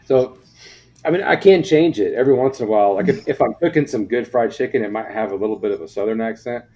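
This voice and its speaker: A man's voice: mid-range voice, fast, dark tone, muffled recording. An American man co-hosting a casual podcast, rambling and repeating words as he starts his sentences. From United States. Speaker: podcast co-host.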